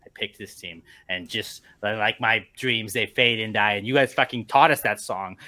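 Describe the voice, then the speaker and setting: Young podcast co-host, bright tense tone, angry swearing fan venting. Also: male voice, lowish voice, moderate pace, few pauses. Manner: angry, profane ranting about his football team. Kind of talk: casual podcast rant.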